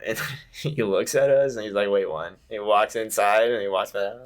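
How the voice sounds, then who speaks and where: Young guy rambling through a wild night story on a podcast, lowish voice, chuckling a lot. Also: normal speed, soft background music. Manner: rambling, laughs through his own story. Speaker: podcast guest. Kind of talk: casual storytelling.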